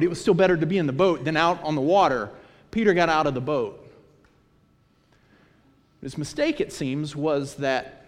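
A pastor with a slightly high voice preaches a sermon, retelling scripture and stories from his childhood with animated flair. A long hall reverb trails after his words.

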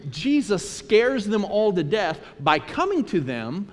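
A man preaching a sermon, retelling scripture and stories in an animated storytelling manner. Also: sits high, normal speed, hardly any pauses. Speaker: pastor. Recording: long hall reverb.

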